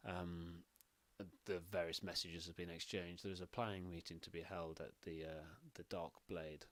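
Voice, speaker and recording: A man's voice: low voice, little pitch movement, normal speed, a bit bright, no echo. A man narrating as game master, rambling with many fillers.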